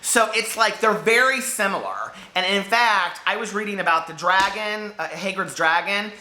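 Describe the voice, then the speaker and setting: A man's voice: sits high, lively intonation, moderate pace, bright, forceful tone. Man, casual book vlog chat, rambling, giggly, echoey room. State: overheated. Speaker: book vlogger. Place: hot room at home.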